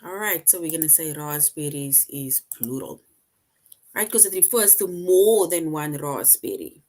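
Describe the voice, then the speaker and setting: Woman teacher going over grammar, slow and patient, kinda low voice. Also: expressive, a little mellow. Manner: slow, patient, reads sentences aloud then quizzes. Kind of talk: online grammar lesson.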